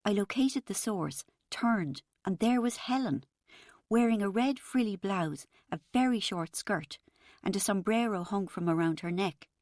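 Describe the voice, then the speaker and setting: A woman narrating an audiobook in the first person, with a wry, expressive storytelling manner. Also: mid-range voice, measured pace, dry recording, clean studio sound.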